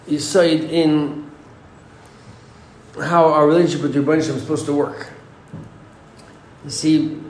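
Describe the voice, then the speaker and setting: A man with a somewhat high voice teaches an informal Torah class. He talks conversationally and keeps posing rhetorical questions. The recording is roomy, with faint ambience behind him. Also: a little hiss or hum. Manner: conversational, asks rhetorical questions, restarts sentences.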